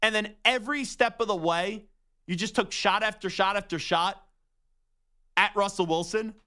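A man's voice: sits high, moderate pace, bright, forceful tone. A young man hosting sports radio, ranting with emphatic rhetorical questions. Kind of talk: opinionated sports talk monologue.

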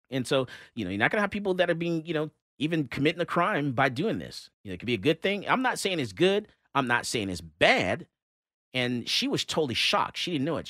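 A man hosting a talk radio show, telling a story in a casual, animated way with many fillers and restarts. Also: mid-range voice, dry recording, studio quality.

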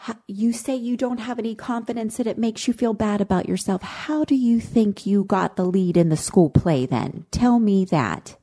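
A woman voicing an older grandmother who sounds calm and reasonable but brushes things off. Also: medium pitch, moderate pace, few pauses, pitched above the performer's own voice, close to an everyday voice. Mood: dismissive.

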